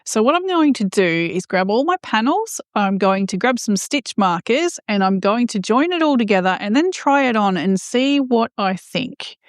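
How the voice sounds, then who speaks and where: A woman's voice: on the high side, lively intonation, moderate pace, hardly any pauses, no echo, clean studio sound. A woman crochet vlogger chatting casually as she explains each step of her project. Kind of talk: casual how-to narration.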